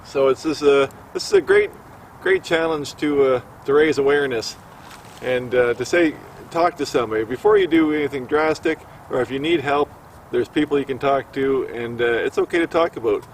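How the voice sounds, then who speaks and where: A middle-aged man casually telling a personal story to camera, halting with many fillers and restarts, recorded outdoors. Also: medium pitch, expressive, a little hiss or hum. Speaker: outdoor cooking vlogger. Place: outdoors by a campfire.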